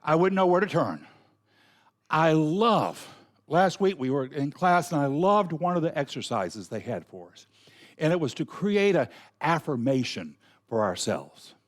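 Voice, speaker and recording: A middle-aged Southern man preaching in an easy, folksy way, earnest and chatty. His voice sits a little above the usual male pitch, and he talks the way a minister does from the pulpit. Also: very animated, a little slow. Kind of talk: sermon.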